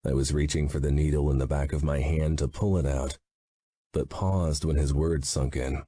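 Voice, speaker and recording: A man narrating an audiobook in first person, gruff and blunt, swearing freely. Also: extremely low pitch, moderate pace, mellow, no room sound.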